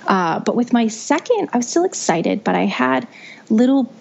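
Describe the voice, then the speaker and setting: Gravelly young woman, dull lo-fi recording. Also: on the high side, big pitch swings, moderate pace, darkish tone. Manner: chatty, with frequent restarts and "you know". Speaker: podcast guest sharing her birth story. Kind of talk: casual storytelling. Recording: dull lo-fi audio.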